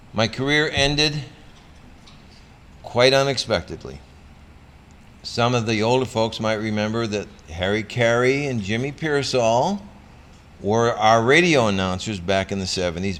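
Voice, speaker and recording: An older man, a former pro athlete, giving a motivational talk full of personal stories that he acts out with lively, sometimes loud energy. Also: mid-range voice. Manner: animated storyteller who acts out scenes, loud when excited.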